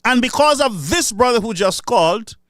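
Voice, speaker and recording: A man's voice: extremely high pitch, expressive, normal speed, a bit bright, no room sound, studio quality. A man with a Saint Lucian accent giving an impassioned political speech, sarcastic and mocking. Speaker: political commentator.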